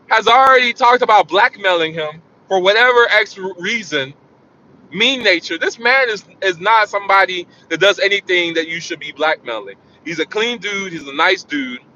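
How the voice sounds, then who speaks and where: A man casually telling a personal story in an animated way, repeating phrases for emphasis. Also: high-pitched, a little hiss or hum. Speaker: vlogger. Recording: dull lo-fi sound.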